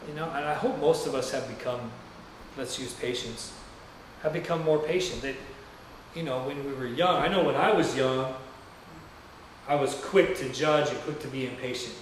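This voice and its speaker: A male pastor's sermon, heard from a distance in a very echoey sanctuary with slight background noise, features a medium-pitched voice at normal speed. He rambles through a story in a loose, conversational way.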